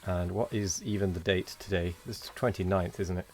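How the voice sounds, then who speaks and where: A man's voice: deep voice, fairly even intonation, brisk, darkish tone, soft background music. A man hosting a late-night game live stream, tired and rambling as he thanks viewers and chats with his co-player. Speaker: streamer host. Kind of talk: casual live-stream chat.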